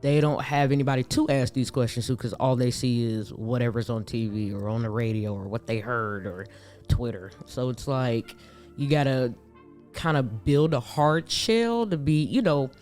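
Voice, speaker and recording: A young man from Gary, Indiana, co-hosting a podcast in casual chat, animated and quick to laugh as he acts out other people. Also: mid-range voice, faint music behind. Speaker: podcast co-host.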